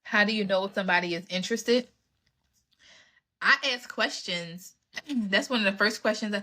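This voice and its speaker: Emphatic woman host with a bright voice. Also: medium pitch, moderate pace. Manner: candid and emphatic, acts out exchanges with past dates. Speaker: podcast host answering relationship questions. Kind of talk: casual advice talk.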